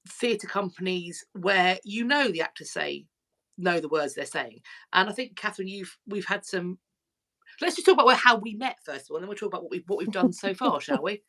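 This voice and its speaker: Woman host, loose chatty delivery, mid-pitched, phone audio. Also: pushed and bright. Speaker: YouTube channel host. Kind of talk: casual livestream chat.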